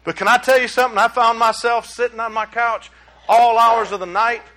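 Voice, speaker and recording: A middle-aged pastor, preaching a sermon in a folksy, emphatic way that climbs into exclamations. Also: male voice, extremely high pitch, steady tone, a little fast, bright, forceful tone.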